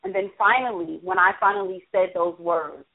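Woman recounting a story over a phone line. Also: fairly low pitch. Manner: halting, repeats words, quotes herself and others. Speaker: guest. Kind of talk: personal storytelling in a talk interview.

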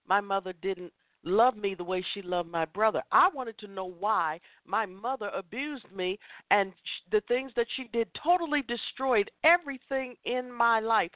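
A woman's voice: on the high side, no echo. A woman hosting a women's chat show, giving an impassioned motivational talk and repeating phrases for emphasis. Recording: tinny phone line, dry.

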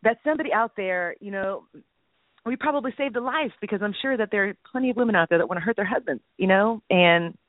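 A woman's voice: mid-range voice, fast, dry recording. A woman co-hosting a faith podcast over a phone call, talking in a jokey, rambling way. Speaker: podcast co-host. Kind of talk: casual faith chat. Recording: tinny phone line, dry.

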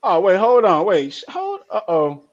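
A man hosting a draft watch party over a group call, animated and slangy, acting out quotes in his stories. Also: high voice, normal speed, highs cut off. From New Orleans. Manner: animated storyteller, slangy, acts out quotes loudly. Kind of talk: casual chat.

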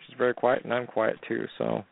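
A man from Canada calling a radio show, who speaks hesitantly and softly with many fillers. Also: medium pitch, completely flat delivery, a little fast, creaky, no room sound. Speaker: caller. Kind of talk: phone-in call. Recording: dry, tinny phone line.

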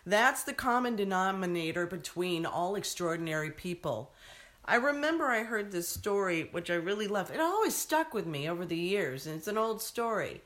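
A woman's voice: fairly low pitch, very animated, normal speed, a bit bright. A woman hosting a talk show, earnestly telling a story in casual chat. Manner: earnest, tells stories. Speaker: show host.

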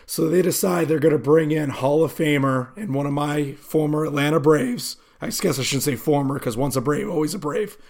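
A man's voice: on the high side, moderate pace, creaky, hardly any pauses, darkish tone. A man co-hosting a casual sports podcast, telling stories loosely with lots of fillers. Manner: loose storytelling with many fillers. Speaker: podcast co-host.

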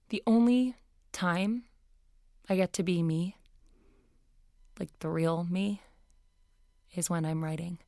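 A woman playing a low-voiced, earnest rich woman. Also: darkish tone, no room sound, studio quality. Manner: earnest, self-deprecating. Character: wealthy, self-aware woman writer, sincere. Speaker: wealthy writer. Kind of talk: audio drama acting.

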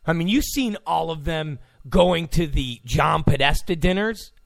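A man's voice: on the high side, lively intonation, a little slow, gravelly, fairly bright tone, no echo. A man hosting his own podcast, delivering a profane, combative and mocking rant. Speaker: podcast host. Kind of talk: ranting monologue.

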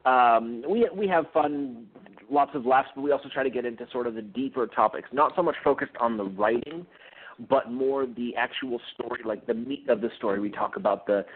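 A man being interviewed as a guest author, talking eagerly with frequent fillers and restarts over a tinny phone line. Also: medium pitch. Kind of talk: casual interview chat.

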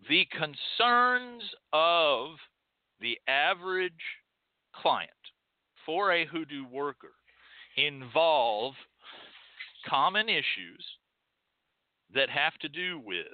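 A man's voice: sits high, no echo. A man with a Texan accent hosting a show, delivering an emphatic, scolding monologue. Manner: emphatic, scolding, with mocking quoted voices. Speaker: podcast host. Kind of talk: opinionated monologue. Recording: tinny phone-like line.

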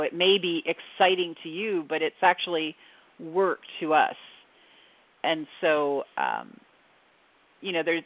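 A woman, a guest medium, talking in a slow, earnest way with many fillers. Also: sits low. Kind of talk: casual interview talk. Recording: tinny phone-line audio.

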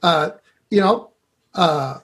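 Male guest author in a casual chat, high-ish voice, rambling and filler-heavy. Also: slow pace, a bit bright. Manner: rambling, many fillers, laughs easily.

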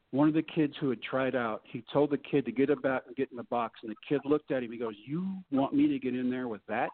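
A middle-aged man telling his story as a podcast guest in a folksy way, acting out the people he quotes. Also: medium pitch. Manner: folksy, acts out quoted voices. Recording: tinny phone-like line.

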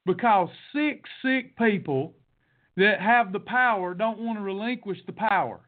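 A high-voiced man delivers a blunt, folksy pep talk with the cadence of a sermon, hammering each point twice. His voice comes through thin and tinny, like a phone line, and he pushes hard at his audience. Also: measured pace. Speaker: podcast host. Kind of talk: preachy motivational monologue.

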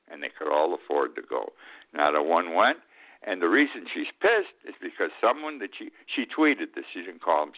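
An older man from upstate New York hosting a radio talk show, giving a blunt, sarcastic commentary monologue and often tagging on "okay?". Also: low voice. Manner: blunt, sarcastic, drawn-out emphasis with frequent "okay?". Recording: tinny phone-like radio audio.

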